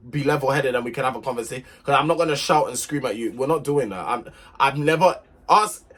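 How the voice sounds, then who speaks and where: A young man with a husky, breathy voice at a middle pitch. He vents to camera, stressing and repeating his points with irritated emphasis. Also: a bit bright. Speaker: vlogger. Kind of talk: heated storytime rant to camera.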